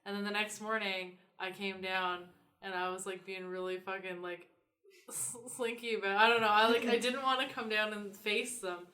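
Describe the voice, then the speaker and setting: A woman's voice: mid-range voice, moderate pace. A young woman, co-hosting a podcast and animatedly telling a story, swearing freely. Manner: animated, swears freely, acts out quoted voices. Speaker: podcast co-host. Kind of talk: casual storytelling chat. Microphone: podcast microphone.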